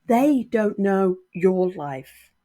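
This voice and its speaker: A woman's voice: medium pitch, expressive, extremely slow, mellow. A middle-aged woman vlogging candidly to her viewers, earnest and getting emotional, a little sniffly. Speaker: YouTuber. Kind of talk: candid talk to camera.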